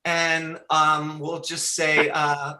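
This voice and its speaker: Bright, upbeat man hosting an online show. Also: on the high side, monotone, drawn-out words, reverberant. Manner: upbeat, explains game rules. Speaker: show host. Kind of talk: announcing an online improv show. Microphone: video call.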